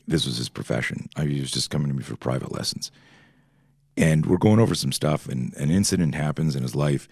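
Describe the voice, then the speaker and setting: A man in his fifties, a self-defense instructor appearing as a podcast guest, has a rumbling low voice with vocal fry, a darkish tone and a breathy edge. He tells rambling, tangent-filled stories and swears through a casual chat. The recording is dry, with clean studio sound.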